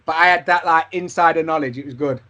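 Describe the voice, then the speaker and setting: High-voiced man telling sweary stories. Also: fast, sharp tone, highs cut off. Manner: sweary anecdotal storytelling. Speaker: podcast co-host. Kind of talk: casual chat.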